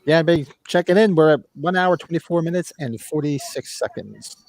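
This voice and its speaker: A man's voice: a little high, fast talker, a little mellow. A man co-hosting a live movie watch-along, telling rambling stories in casual chat. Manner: rambling storyteller. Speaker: podcast co-host.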